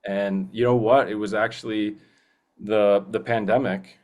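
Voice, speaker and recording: A man's voice: fairly low pitch, fairly even intonation, measured pace, a little mellow. A young man, a voice actor talking earnestly in a casual interview, rambling with many restarts. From Canada. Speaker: guest voice actor.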